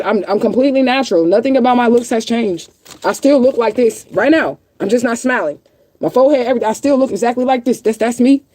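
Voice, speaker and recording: A woman's voice: on the high side, darkish tone. A woman livestreaming to her viewers, upset and close to tears, talking bluntly with lots of profanity and repeating herself for emphasis. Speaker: livestreaming vlogger. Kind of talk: emotional livestream rant to viewers.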